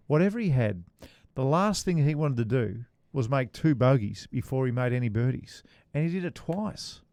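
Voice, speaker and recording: A man co-hosts a golf podcast in a relaxed, joking way, with quick asides. His voice sits mid-range and sounds close and dry, with no room in it. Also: mid-range voice, no echo. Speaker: podcast co-host. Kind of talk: casual golf chat.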